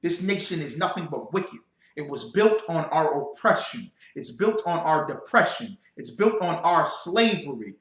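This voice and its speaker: Male street-style preacher, high bright voice, roomy echo, shouts for emphasis. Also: very animated, moderate pace. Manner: emphatic, builds to shouting, speaks to the audience. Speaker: religious teacher. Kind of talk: livestreamed sermon.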